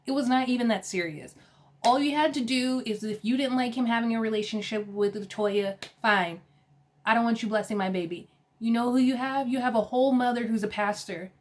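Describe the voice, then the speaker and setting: A woman with a somewhat high voice gives a casual recap of a reality show. She is sassy and animated, mixing slang with laughter. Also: a little fast. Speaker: TV episode reviewer.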